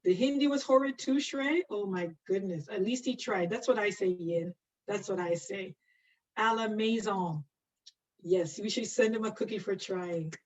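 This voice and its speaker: This middle-aged woman teaches nursing anatomy live online, answering students by name in a chatty way and laughing a lot. She speaks at a moderate pace in a mid-range, darkish voice, captured by a distant, dull lo-fi mic.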